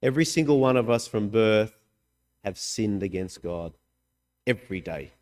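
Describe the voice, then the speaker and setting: Earnest preacher in a reverberant hall. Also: male voice, lively intonation, moderate pace. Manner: earnest, emphatic, with sudden swings in pitch and loudness. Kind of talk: sermon.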